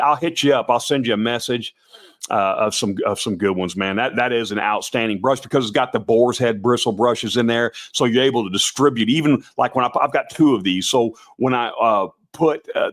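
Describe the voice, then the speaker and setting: Raspy-voiced man chatting casually. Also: medium pitch. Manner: folksy and rambling, with many restarts, calling viewers brother and guys. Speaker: host of a Santa performer show. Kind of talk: casual live-stream chat.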